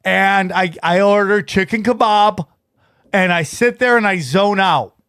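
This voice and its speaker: A middle-aged man hosting a podcast, loud and rambling as he tells crude comic stories. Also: high-pitched, unhurried, smooth, no room sound, clean studio sound. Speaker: podcast host. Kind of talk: casual comedic chat.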